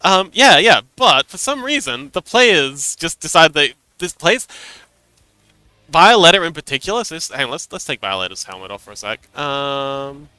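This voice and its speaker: Male streamer, game master, casual and animated storyteller, slightly high voice, bright tone. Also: normal speed, clean tone, no echo, soft background music. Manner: animated storytelling, laughs often. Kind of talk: casual livestream chat.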